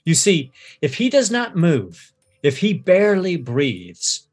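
Man playing smooth-talking, smiling torturer priest, calmly menacing, husky edge. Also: fairly high pitch, takes it slowly, voice pushed up, full character voice. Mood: silky menace. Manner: calm, coaxing menace. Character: smiling, soft-spoken male priest torturer.

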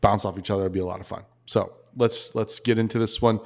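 Man, podcast host, fairly low voice, relaxed rambling storytelling. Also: quick pace. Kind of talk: casual storytelling chat.

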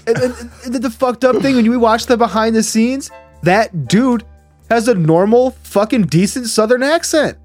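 A man co-hosting a casual podcast, ranting with animated, profane talk. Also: extremely high pitch, normal speed, no echo, soft background music. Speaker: podcast co-host.

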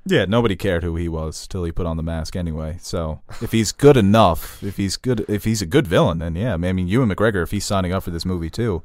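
Podcast co-host, man, very low voice, jokey and loose, dry close mic. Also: fast, few pauses, darkish tone, no echo. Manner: joking, laughs often, swears. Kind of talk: casual podcast chat.

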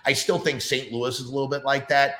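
A man's voice: mid-range voice, little pitch movement, brisk, sharp tone, reverberant. A middle-aged man, a podcast guest, chatting casually and telling stories with lots of fillers. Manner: chatty storyteller with many fillers. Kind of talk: casual chat.

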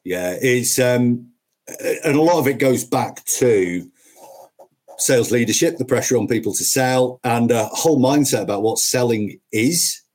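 A man's voice: mid-range voice, measured pace, darkish tone. A middle-aged man, a podcast guest who trains salespeople, telling stories in an emphatic, punchy way full of repetitions. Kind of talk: conversational storytelling.

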